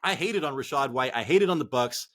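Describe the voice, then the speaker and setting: This sports podcast host speaks briskly at a medium pitch. Excitable and informal, he swears often and keeps calling his listeners "dude" and "man."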